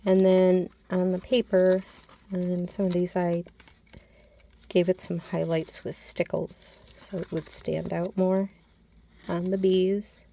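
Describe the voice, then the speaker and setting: A woman with a lowish, creaky, mellow voice narrates slowly and flatly while showing a handmade mini album. Her casual chat is dotted with lost words and self-corrections.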